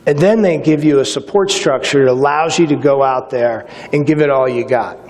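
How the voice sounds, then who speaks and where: A man's voice: mid-range voice, moderate pace. A middle-aged man from Massachusetts giving a keynote talk, telling personal stories with energy and acting out quotes. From Massachusetts, USA. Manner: energetic storytelling with acted-out quotes. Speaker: keynote speaker. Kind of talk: motivational speech with personal stories. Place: conference hall, on stage. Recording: long hall reverb.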